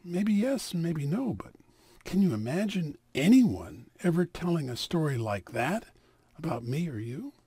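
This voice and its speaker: A man's voice: a little high, big pitch swings, measured pace, warm tone, husky, no room sound, heavily acted. A man voicing a shrewd lawyer who speaks in a wry, musing way.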